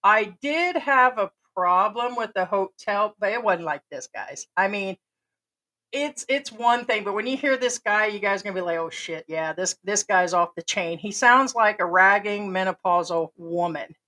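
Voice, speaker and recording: Blunt American woman vlogging with a bright voice. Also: medium pitch, expressive, moderate pace, poor audio. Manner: blunt, profane, rambling. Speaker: expat vlogger. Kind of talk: casual vlog commentary.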